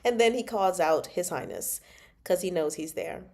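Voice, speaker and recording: A woman's voice: on the low side, animated, normal speed, a little mellow. A young adult woman hosting a casual book chat, playful and laughing often as she reacts to a novel. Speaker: book club host reading and reacting.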